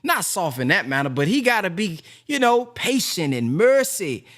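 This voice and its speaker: A man who is a minister and business teacher gives a casual, heartfelt talk in a plain-spoken, animated way. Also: high-pitched, moderate pace. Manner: animated, plain-spoken, acts out quoted voices.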